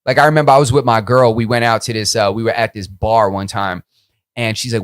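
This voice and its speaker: A man's voice: lowish voice, fast, no room sound, studio quality. A young man co-hosting a podcast, telling stories in loose casual banter and cursing freely. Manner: animated storyteller, swears a lot. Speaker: podcast co-host.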